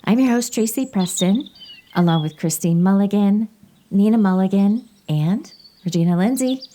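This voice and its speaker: A woman's voice: mid-range voice, normal speed, dark tone. A woman hosting a podcast in casual chat, chatty and laughing often. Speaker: podcast host.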